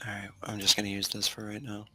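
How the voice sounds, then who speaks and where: A man running a tabletop game as game master, talking in halting bursts with frequent laughs. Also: fairly low pitch, monotone, bright, forceful tone, slightly rough, soft background music. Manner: halting, laughs often between rulings.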